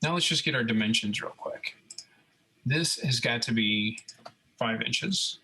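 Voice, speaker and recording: Unhurried and with a breathy edge to his mid-range voice, this robotics instructor takes viewers through a screen-recorded CAD tutorial one step at a time. He checks in often with "okay?", and the recording is low quality.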